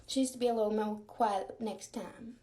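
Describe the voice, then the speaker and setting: A young woman, a mother, casually telling a family story and acting out the quoted lines in lively voices. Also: medium pitch, normal speed, a little hiss or hum. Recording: echoey room.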